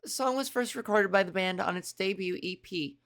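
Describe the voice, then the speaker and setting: Gravelly-voiced chatty woman. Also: medium pitch, fairly quick, fairly bright tone. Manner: chatty, self-mocking, swears, reads aloud and reacts. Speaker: video creator. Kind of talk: casual reaction commentary.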